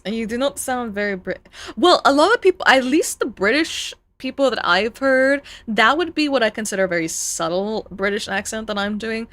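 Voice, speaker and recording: A woman's voice: a little high, fairly bright tone, no echo. A young woman streaming, chatting casually as she reacts to videos and reads her chat aloud, laughing often.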